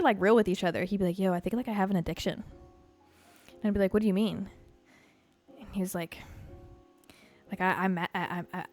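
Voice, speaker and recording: A young woman hosting a podcast, rambling frankly through a personal story, laughing often, and she says she is high. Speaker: podcast host. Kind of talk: casual confessional chat.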